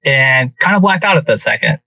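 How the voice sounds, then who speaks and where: Man guest, casual storyteller with frequent restarts, bright and a little distant from the mic. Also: mid-range voice, fairly quick, dry recording. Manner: animated hunting story with many restarts. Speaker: podcast guest.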